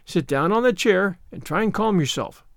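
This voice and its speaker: A man's voice: sits high, lively intonation, gravelly, a bit bright, dry recording, studio quality, heavily acted. A man voicing a strict middle-aged spinster in an audiobook, curt and disapproving. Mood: stern. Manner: curt, disapproving, slow and firm. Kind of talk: audiobook character voice.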